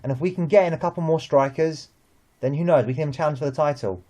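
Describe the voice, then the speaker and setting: Uk guy, mellow tone, a bit high, excitable football chatter. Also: fast talker. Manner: animated, repeats himself when excited. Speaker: co-host. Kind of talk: casual football chat.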